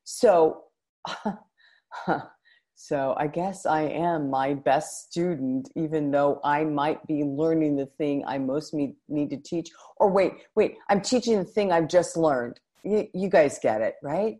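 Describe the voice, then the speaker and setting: A woman with a low-pitched voice hosts her own podcast, talking to listeners in a casual monologue. She is expressive and animated, often restarting her sentences as she goes. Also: slow. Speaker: podcast host.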